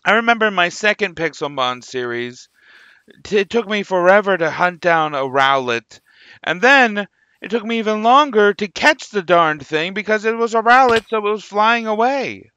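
A man's voice: high voice, expressive, moderate pace, sharp tone, clean tone, no room sound, dull audio. A man hosting a gaming video, chatting casually and musing aloud with jokey asides as he plays. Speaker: gaming channel host. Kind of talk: casual gameplay commentary.

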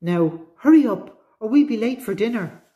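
A woman's voice: on the high side, lively intonation, normal speed, muffled recording, pitched above the performer's own voice, close to an everyday voice. A woman voicing a cross, stern Irish dad. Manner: stern, scolding. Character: cross, firm father.

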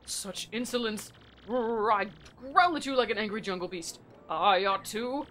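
Woman doing a gruff old bomb sailor. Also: medium pitch, measured pace, fairly bright tone, slight background noise, natural voice. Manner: pirate-style 'arr' growls, faltering accent. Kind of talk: reading game dialogue aloud in voices.

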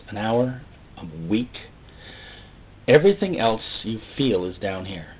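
A man's voice: medium pitch, husky. A man preaching a sermon, emphatic and repeating phrases for stress. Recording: tinny phone-like sound.

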